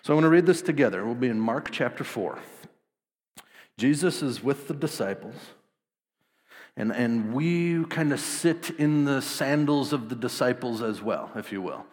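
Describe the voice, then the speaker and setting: A man's voice: mid-range voice, expressive, moderate pace, a little mellow. A man preaching a sermon, explaining scripture conversationally with asides and light jokes. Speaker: pastor. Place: church sanctuary. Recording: long hall reverb.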